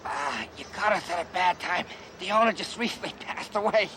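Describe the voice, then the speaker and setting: A man's voice: sits high, brisk, pushed and bright, a little hiss or hum. An actor playing a male car salesman who speaks in a strained voice while being choked.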